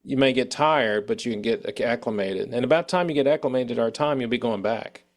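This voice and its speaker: A man's voice: mid-range voice, fairly quick. An American man hosting an interview, rambling casually and acting out quoted people. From United States. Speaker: show host.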